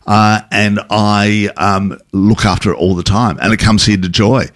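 A man chatting on radio, halting and stammering. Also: lowish voice, level tone. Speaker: radio co-host guest. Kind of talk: casual radio chat.

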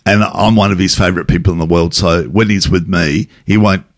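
A man's voice: low-pitched, steady tone, fairly quick. A man chatting as a guest on a radio show, hesitant and stammering, with lots of ums and restarts. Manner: hesitant, stammering, frequent fillers. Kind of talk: casual radio banter. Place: radio studio.

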